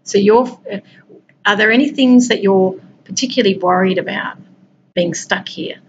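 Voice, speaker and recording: Aussie woman chatting like a coach, talks right to you, middle pitch voice, bit of hiss behind. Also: moderate pace, lo-fi sound. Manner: conversational, speaks directly to listeners. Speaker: peace and wellbeing coach. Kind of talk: informal motivational talk.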